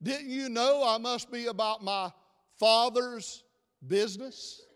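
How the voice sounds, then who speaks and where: A man preaching a sermon, briefly voicing a calm young man who states his calling in a mild, matter-of-fact way. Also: very high voice, takes it slowly, smooth, full character voice. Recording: long reverb of a church hall.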